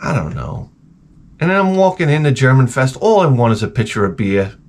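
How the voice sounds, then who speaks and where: A man telling a comedic rant in a lively, swearing storytelling manner, in a garage workshop. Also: mid-range voice, fairly quick. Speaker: video host.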